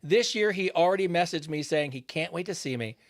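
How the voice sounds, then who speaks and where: A man's voice: fairly high pitch, animated, fairly quick. A man hosting a podcast, chatting casually and reading listener questions aloud.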